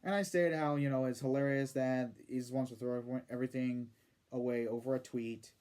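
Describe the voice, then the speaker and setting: A man's voice: mid-range voice, steady tone, a little fast, darkish tone, clear, resonant tone. A man ranting in casual video commentary, sarcastic and profane. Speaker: YouTube commentator.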